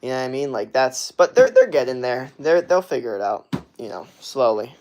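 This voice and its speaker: A man's voice: medium pitch, big pitch swings, fairly quick, darkish tone, slight background noise. A man speaks as an online fitness coach on a casual livestream. He rants bluntly and aggressively, swearing at nearly every turn. His talk is full of fillers and restarts as he answers chat. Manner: profane, blunt, aggressive ranting with many fillers.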